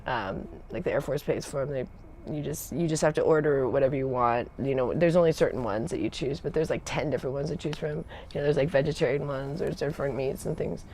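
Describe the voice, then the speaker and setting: A woman's voice: low-pitched, fast, mellow, a little hiss or hum. Rambling woman telling a casual story. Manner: rambling and digressive, loses her thread and laughs often. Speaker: Air Force veteran telling stories on a livestream.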